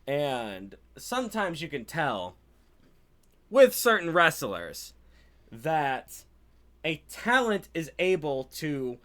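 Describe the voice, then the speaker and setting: A man's voice: on the high side, sing-song, slow pace, fairly bright tone. A man giving casual, profane and sarcastic commentary on a wrestling show, sounding exasperated.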